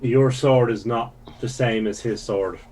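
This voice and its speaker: A man's voice: medium pitch, a little slow, a little mellow. A man playing a tabletop game, speaking casually and dryly in and out of character. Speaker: player.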